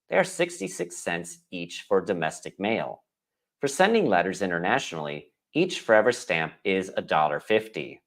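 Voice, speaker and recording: A man's voice: on the low side, fairly bright tone. A man reading the part of a helpful post office clerk in a practice dialogue, in a plain, informative way.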